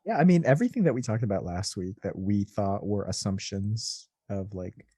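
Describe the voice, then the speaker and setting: A man's voice: fairly low pitch, lively intonation, moderate pace, warm tone, breathy edge, no echo, studio quality. A man co-hosting a podcast, chatting casually about a reality show with wry quips and laughter. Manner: wry, laughs at his own jokes. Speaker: podcast co-host. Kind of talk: casual reality-TV recap chat.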